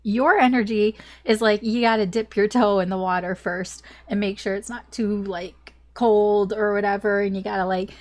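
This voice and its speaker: A young woman talks through a tarot reading in a loose, rambling way. She fills her talk with "like" and soft little laughs, and she sounds a little choked up, stopping to cough now and then. Her voice sits at an ordinary middle pitch. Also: fairly even intonation, moderate pace, few pauses. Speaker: tarot reader. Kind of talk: casual tarot reading to camera.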